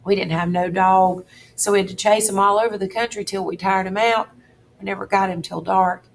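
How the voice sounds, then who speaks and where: A woman's voice: medium pitch, steady tone, fairly quick, gravelly, slight background noise, poor audio. A woman reading a classic novel aloud, telling it steadily in first person with folksy dialect. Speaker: reader.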